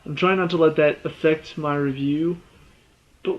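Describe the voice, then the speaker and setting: An eager man gushes through a TV episode review, rambling and restarting his words as he goes. His voice sits a little high for a man. The recording is dull and lo-fi. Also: moderate pace. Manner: excitable, rambling, laughs often, restarts words. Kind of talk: excited casual review.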